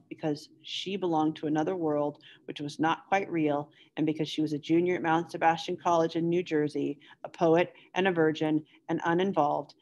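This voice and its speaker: A woman teacher reading a novel aloud to students in a measured, steady way. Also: low voice, highs cut off, slight background noise. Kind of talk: read-aloud novel narration.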